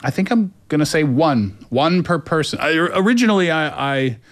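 Man, from Canada, casual quiz chat, jokey, animated pitch. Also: normal speed. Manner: playful, jokey questioning.

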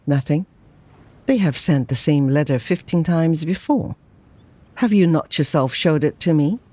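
A reader playing a grieving Chinese merchant father who speaks slowly and plainly, in a storybook reading. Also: mid-range voice, warm tone, no echo, close to an everyday voice. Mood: mournful. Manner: slow, sorrowful and plain-spoken. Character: grieving middle-aged Chinese merchant father, quiet and mournful.

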